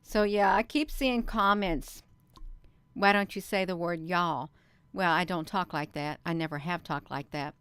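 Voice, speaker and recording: A woman's voice: on the low side, a little slow, fairly bright tone, clean tone, no room sound. A middle-aged woman hosting a casual live stream, chatty and laughing often, with plenty of ums, who keeps saying "you all.". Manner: says "you all" instead of "y'all". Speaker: channel host.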